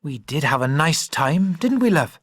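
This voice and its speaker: A reader voicing a warm young wife in a novel, lifting the pitch for her lines. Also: very animated, normal speed, no echo, studio quality. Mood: happy. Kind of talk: audiobook character voice.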